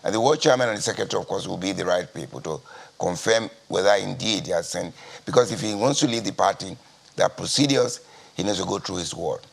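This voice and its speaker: A Nigerian man speaking as a party spokesman in a news interview, measured and deliberate, often repeating his key phrases. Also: low-pitched. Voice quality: gravelly, husky. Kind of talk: guarded TV news interview answers.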